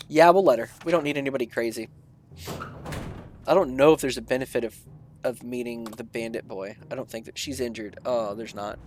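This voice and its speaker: A man's voice: medium pitch, steady tone, moderate pace, pauses often, darkish tone, faint music behind. A man commenting casually while he plays a game, muttering his choices and reading the event text aloud. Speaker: gameplay video creator.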